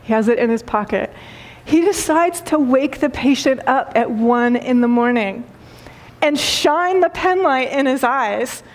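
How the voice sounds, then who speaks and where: A woman spiritual teacher giving a talk and telling a story, speaking gently with repeated phrases and frequent laughter. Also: high-pitched, expressive, unhurried. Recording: long hall reverb.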